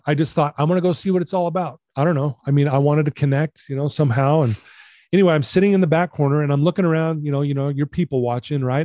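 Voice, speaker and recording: A middle-aged man recounting a personal story as an interview guest, earnest and animated, acting out the dialogue. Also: fairly high pitch, dry recording, clean studio sound.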